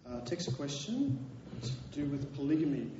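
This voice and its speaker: A man's voice: fairly high pitch, big pitch swings, normal speed. A man moderating a talk, briefly reading out audience questions in a hall. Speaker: event moderator. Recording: echoey, muffled hall recording with noise.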